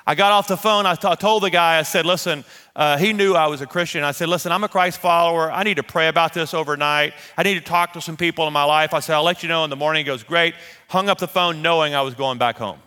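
A man preaching a sermon, telling a personal story in a lively, animated way and acting out the voices of the people in it. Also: fairly high pitch, quick pace. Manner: animated, acts out quoted voices. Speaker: pastor. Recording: long reverb of a large hall.

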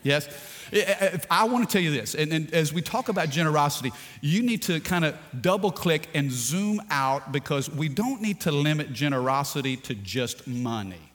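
A man's voice: a little high, expressive, normal speed, a bit bright. A man pastor preaching a sermon to a congregation, joking and calling for responses. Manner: jokey, talks to the congregation, repeats himself. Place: church sanctuary. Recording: long hall reverb.

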